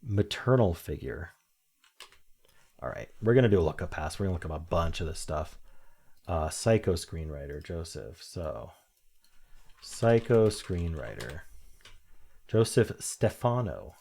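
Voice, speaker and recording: A man's voice: deep voice, animated, a little slow, creaky, pauses often, a little mellow. A man thinking aloud while he solves a crossword, reading clues aloud and muttering half-sure guesses. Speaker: crossword-solving video host.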